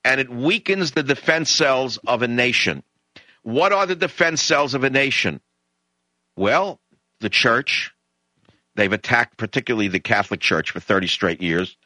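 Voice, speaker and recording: A man with a bright, forceful voice delivers an indignant talk monologue, hammering points one after another. The sound is dry and close, with no room around it. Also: medium pitch, expressive, normal speed, no room sound, poor audio. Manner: emphatic, indignant, listing points. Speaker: radio talk show host. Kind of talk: opinion monologue.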